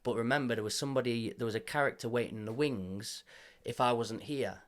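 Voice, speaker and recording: A man voicing a man's calm, menacing inner alter ego. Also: mid-range voice, a little fast, close to an everyday voice. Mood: cold warning.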